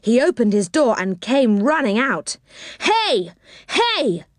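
Woman reading a children's storybook, gentle, very lively pitch, dry close sound. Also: normal speed, dry recording. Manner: gentle, expressive.

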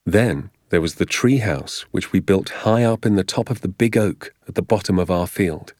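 Male audiobook narrator, very deep and lively, measured storytelling, dry close mic. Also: no room sound. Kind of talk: scripted narration.

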